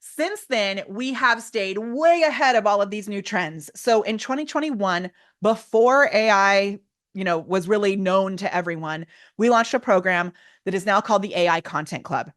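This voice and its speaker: A woman in her thirties presenting a live online workshop with energetic, theatrical, over-the-top enthusiasm. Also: mid-range voice, moderate pace. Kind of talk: live webinar teaching.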